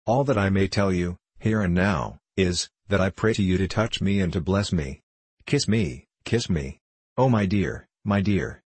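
A tender young daughter who pleads in earnest, imploring phrases, as a man reads her in his own low voice. The voice is low and husky, and the sound is dry and close. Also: a little slow, dry recording.

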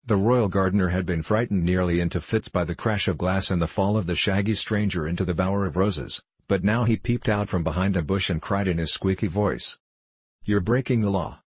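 A man narrating a children's storybook in a steady, measured way. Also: deep voice, slightly rough, dry recording. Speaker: audiobook narrator.

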